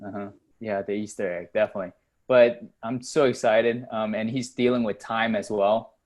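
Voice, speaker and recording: Excitable young man, laughs a lot. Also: lowish voice, moderate pace. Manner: excitable, laughs often, apologetic. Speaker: film crew member. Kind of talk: casual chat, game discussion.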